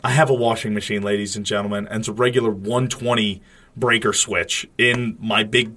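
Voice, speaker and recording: A man's voice: lowish voice, a little fast. A man co-hosting a casual movie-watching podcast, riffing sarcastically and swearing often. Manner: profane, sarcastic, animated riffing. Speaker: podcast co-host.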